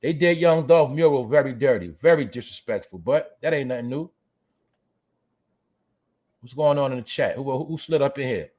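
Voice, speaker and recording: A man hosts a livestream show, reading the chat and ranting at his viewers in a blunt, profane, preachy way while talking straight to them. His voice is medium-pitched and darkish, with a moderate pace and frequent pauses.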